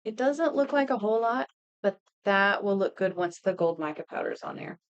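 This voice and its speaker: Speaking at a normal speed in a medium pitch, this craft streamer sounds animated and clean-toned, though the audio is dull. She's a woman in her thirties making earrings on a live stream, chatty and laughing as she tells stories and responds to what viewers write in chat.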